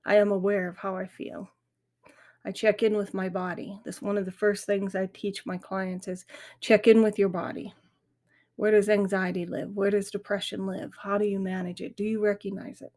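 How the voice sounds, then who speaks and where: A woman's voice: mid-range voice, level tone, normal speed, darkish tone. A middle-aged woman hosting a grief podcast, talking candidly and earnestly in a reflective monologue. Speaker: podcast host. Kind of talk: casual monologue.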